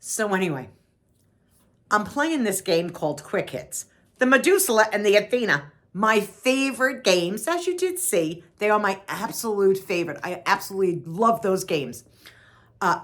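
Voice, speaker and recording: Older New York-accented woman, chatty storyteller, lively up-and-down delivery. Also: mid-range voice. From Long Island, New York. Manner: chatty, repeats herself, animated. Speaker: vlogger. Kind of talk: casual storytelling.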